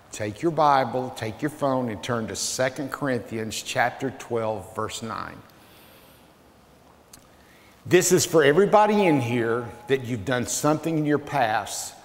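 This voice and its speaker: Preacher in an echoing church. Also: male voice. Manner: dramatic preaching, swinging from loud outbursts to hushed low phrases. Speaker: pastor. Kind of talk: sermon. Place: large church sanctuary. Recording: echoey church hall with long reverb.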